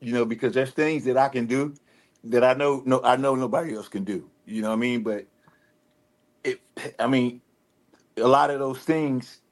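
A man with a Detroit accent, guest on a radio interview, talking in a relaxed, rambling way full of fillers and restarts. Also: mid-range voice, normal speed, long pauses. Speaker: rapper guest. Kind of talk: casual interview talk.

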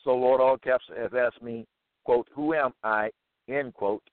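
A man giving a deliberate scripture lecture and quoting verses with stress. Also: medium pitch, fairly even intonation, no room sound. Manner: slow, deliberate, quotes verses with emphasis. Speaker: religious teacher. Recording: tinny phone-like sound.

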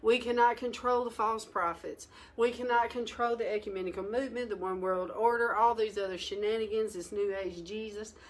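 A woman leading a Bible study, exhorting her listeners emphatically with sharp rises in pitch. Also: steady tone, fairly quick, few pauses, slight background noise. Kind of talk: lively Bible teaching.

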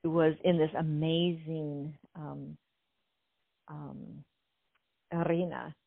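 An older woman from California tells her story with plenty of life, acting out what people said and often breaking into laughter. Her voice sits on the low side. It comes through a thin, phone-like line with a dry, close sound. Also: slow pace, vocal fry, no echo. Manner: animated, acts out quotes, laughs often. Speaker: guest. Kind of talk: casual storytelling interview.

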